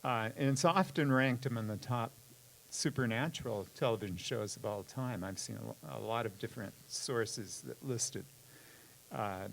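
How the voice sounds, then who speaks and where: Male panel moderator, gravelly voice, faint hiss in the background. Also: mid-range voice, moderate pace, a bit bright, poor audio. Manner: reads prepared questions, brief reactions. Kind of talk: interview questions. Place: convention panel room.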